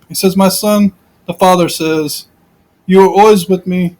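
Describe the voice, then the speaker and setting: A man's voice: high-pitched, fairly even intonation, normal speed, a little mellow, low-quality recording. A man giving informal, rambling commentary on scripture, repeating himself and piling up rhetorical questions. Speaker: Bible commentator.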